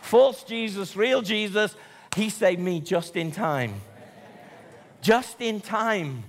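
A man's voice: high voice, lively intonation, slow, a faint crowd, slight background noise. A man preaching a conversational sermon to a large congregation, often asking rhetorical questions. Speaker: pastor. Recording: long church hall reverb.

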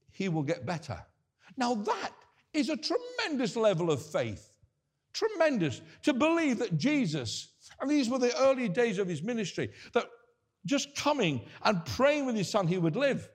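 Animated older male preacher. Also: sits high, slightly rough. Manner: earnest, conversational preaching with restarts. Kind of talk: sermon.

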